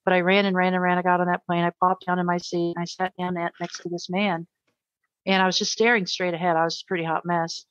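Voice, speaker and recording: A middle-aged woman speaks as an interview guest, her voice sitting somewhat low. She tells her story earnestly, often repeating words for emphasis. The sound is dry and a little dull, like remote call audio. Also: flat delivery, fast, fairly bright tone, dry recording. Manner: earnest, emotional storytelling with repetitions.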